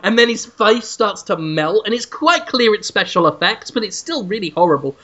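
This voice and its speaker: A male podcast host who tells an absurd, rambling story in a deadpan way. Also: high-pitched, moderate pace, lo-fi sound. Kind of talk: comedic improvised storytelling.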